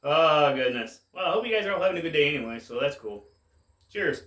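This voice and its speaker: A man casually rambling to camera as a cannabis vlogger, laid-back and drawn-out, saying "man" a lot, high while he talks. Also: lively intonation, a bit bright, reverberant, distant mic. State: high, getting more stoned.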